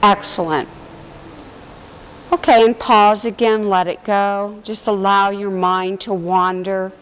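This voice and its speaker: A woman teacher leading a guided vocal meditation in a calm, gently instructive way. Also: medium pitch, slow pace, clean tone, long reverb tail, rough recording. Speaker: voice and breath teacher.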